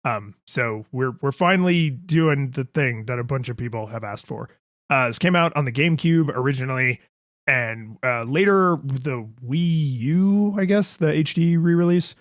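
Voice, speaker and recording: A man's voice: mid-range voice, moderate pace, no room sound, clean studio sound. A man co-hosting a casual podcast chat who rambles, makes fun of himself and acts out quotes in a raised voice. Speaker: podcast co-host.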